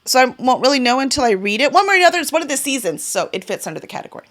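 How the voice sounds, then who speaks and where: Rapid-fire and sing-song, a woman with a high, slightly bright voice vlogs casually about her reading goals. She's a book vlogger and publisher, and she chats enthusiastically about planned reads, with fillers and minor self-corrections.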